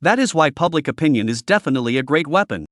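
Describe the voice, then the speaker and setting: Brief: male recap narrator, very fast delivery, bone-dry sound. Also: fairly high pitch, lively intonation, fairly bright tone, dry recording. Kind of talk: scripted story narration.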